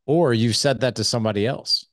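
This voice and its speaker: A parenting coach in his forties chats energetically in a casual podcast interview, acting out quoted dialogue and swearing lightly. His medium-pitched voice moves fairly quickly, recorded dry with clean studio sound.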